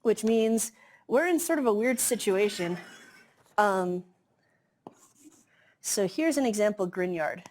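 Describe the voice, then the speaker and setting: A woman's voice: medium pitch, expressive, takes it slowly, pauses often, a little mellow. A woman giving a chemistry lecture in a classroom, explaining casually with many fillers. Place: lecture hall.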